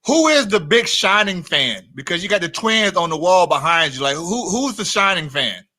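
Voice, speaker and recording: A man co-hosts a casual online interview, asking easygoing questions between bursts of laughter. His voice sits high and swings widely, with a bright edge. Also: sing-song, normal speed. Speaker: talk show co-host.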